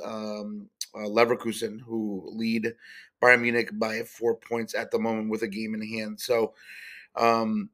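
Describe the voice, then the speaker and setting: A man's voice: mid-range voice, fairly bright tone. A man hosting a solo podcast, talking casually about soccer players, rambling with many fillers and stopping to correct himself. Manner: rambling, many ums and uhs, self-correcting. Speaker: podcast host. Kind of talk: casual solo sports-card podcast talk.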